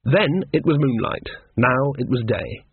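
A man narrating an audiobook in a measured, dry storytelling manner. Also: medium pitch, animated, breathy edge, no room sound. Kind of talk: scripted narration. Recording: tinny phone-like sound.

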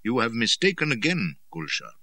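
Man putting on a calm polite stout chief, bright lively voice, totally unbothered. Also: mid-range voice, normal speed, dry recording, distant mic, exaggerated voice. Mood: mild. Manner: mild, smooth, polite, cheerfully ironic. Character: stout, genial, quietly dangerous male chieftain.

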